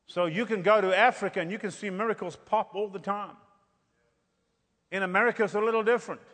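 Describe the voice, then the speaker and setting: Revival preacher in a big echoing hall. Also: male voice, a little high. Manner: storytelling, rising to loud exclamations. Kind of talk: sermon.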